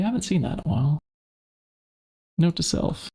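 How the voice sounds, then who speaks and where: Gravelly man thinking aloud while gaming. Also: on the high side, very animated, normal speed, dark tone. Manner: thinks aloud, muttering to himself while searching. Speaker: streamer playing a modded game. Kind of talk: casual gameplay commentary.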